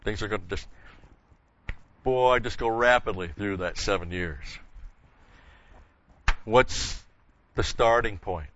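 Slowly and with frequent pauses, an older man teaches a Bible study lecture in a fairly low, slightly bright voice. He explains word meanings and strays into folksy stories with chuckles. The recording is dry, muffled and lo-fi.

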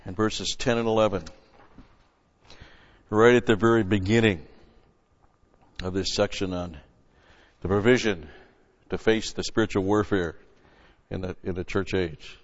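A man teaching through Bible verses as a pastor, punching key words loudly and then dropping into quick, quieter asides. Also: fairly low pitch, steady tone. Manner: emphatic, swells loud on scripture then drops to asides. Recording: lo-fi recording with long hall reverb.

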